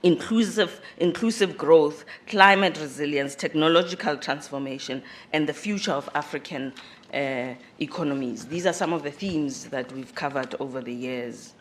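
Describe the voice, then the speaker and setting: A speaker with a self-described squeaky voice gives a formal welcome address at a university conference hall on a podium microphone, halting with frequent fillers and repeated words. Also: a little hiss or hum. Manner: rises in pitch and volume on emphasized phrases. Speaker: conference host speaking for the organizers.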